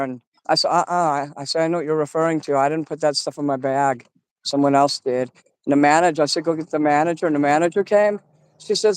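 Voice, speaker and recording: A woman's voice: sits low, fairly even intonation, fast talker, clean tone, no room sound. A middle-aged woman telling rambling, crude stories in a casual stream chat.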